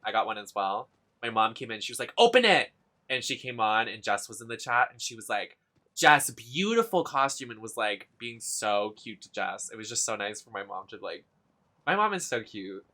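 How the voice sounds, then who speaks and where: A young man streaming a video game live, chatting casually in an excitable, giggly, gushing way. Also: on the low side, fairly quick.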